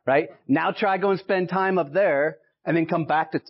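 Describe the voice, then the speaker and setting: A man's voice: a little high, moderate pace, husky. A man in his late thirties with a Texan accent, giving a motivational sales talk to a live audience in punchy stories and often asking "right?". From Texas. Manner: punchy storytelling, keeps checking in with "right?". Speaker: sales speaker. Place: association meeting in front of an audience. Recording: dull lo-fi live speech recording.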